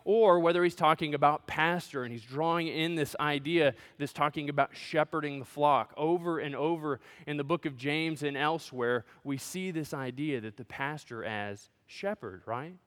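A man's voice: on the high side, normal speed, few pauses, a bit bright, clean tone, long reverb tail. A man as pastor, preaching a sermon in a conversational, joking way, in a church sanctuary.

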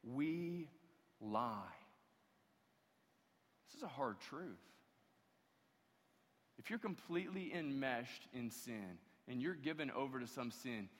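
Male pastor preaching, high-pitched and emphatic, captured in a church hall with long reverb. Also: a bit bright. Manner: emphatic preaching with repeated restarts. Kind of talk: sermon.

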